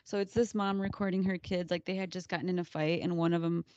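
A woman in her thirties co-hosting a casual podcast, telling animated stories about her kids and acting out their voices. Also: on the low side, fast, no room sound, dull audio. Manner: animated storyteller, acts out kids' voices. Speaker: podcast co-host. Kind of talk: casual chat.

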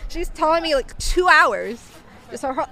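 A young woman in her twenties tells an animated story in casual speech, peppered with "like". Her voice is high. She talks freely to an interviewer. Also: measured pace. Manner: animated, full of "like" fillers.

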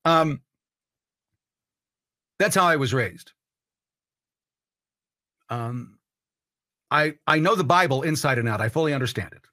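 A man's voice: fairly high pitch, animated, unhurried, long pauses, bright, forceful tone. A man hosting a political commentary show, ranting in a heated, blunt and profane way. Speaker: host.

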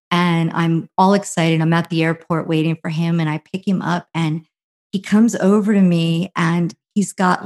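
A middle-aged woman from New Jersey telling a long story as a guest, animated and full of fillers, acting out other people's quotes. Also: lowish voice. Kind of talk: casual anecdotal storytelling.

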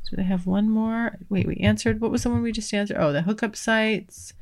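A woman's voice: medium pitch, moderate pace. A woman hosting a podcast, chatting frankly and teasingly and laughing often. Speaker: podcast host. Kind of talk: casual chat.

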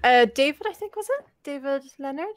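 Female co-host, high voice, very lively, giggly. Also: a little fast, crowd noise. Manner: giggly, excitable. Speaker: podcast co-host. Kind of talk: casual chat.

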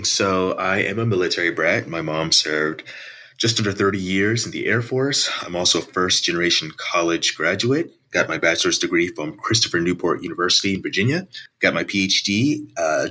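A man with a very low voice and a bright, forceful tone, explaining his research in a measured, articulate way. He sounds like a professor in his thirties answering an interviewer's questions. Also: expressive, husky. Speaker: author and political science professor.

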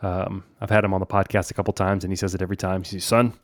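A man in his forties hosts a podcast and talks through money tips in a loose, chatty way, checking in with "right?" as he goes. His voice sits fairly low. The sound is dry and close. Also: little pitch movement, racing, no room sound. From New Orleans. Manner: chatty, conversational, says "man" and "right?" often. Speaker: podcast host. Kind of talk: casual financial advice talk.

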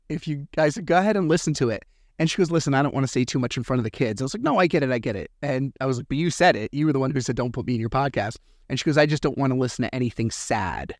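A man's voice: medium pitch, no room sound, clean studio sound. A man in his thirties hosting a podcast, casually retelling a story and acting out the quoted dialogue. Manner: chatty, retells dialogue with animated quoted voices. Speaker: podcast host.

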